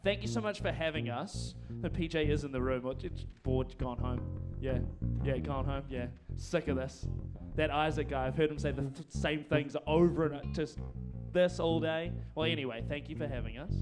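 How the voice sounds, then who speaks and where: On a handheld mic at a performing arts venue stage, a man hosts a live music event, rambling and self-deprecating. His voice sits on the high side, fairly quick, with few pauses.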